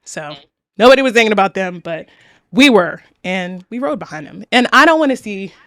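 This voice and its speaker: A woman talks bluntly and with animation, swearing freely as she co-hosts a podcast. Her voice sits mid-pitched. The sound is dry and close to the mic. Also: lively intonation, a little fast, a bit bright, no room sound. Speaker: podcast co-host. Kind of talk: casual chat.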